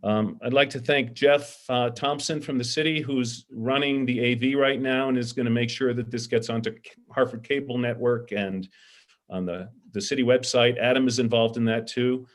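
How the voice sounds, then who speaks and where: A middle-aged man moderates a candidate forum over a video call. His voice sits at an ordinary middle pitch, and he speaks earnestly and from the heart, filling pauses with ums. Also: fairly even intonation.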